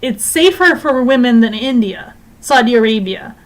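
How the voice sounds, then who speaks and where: A woman's voice: fairly high pitch, lively intonation, normal speed. A woman co-hosting a podcast in casual chat, rambling with many fillers and laughing often. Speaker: podcast co-host.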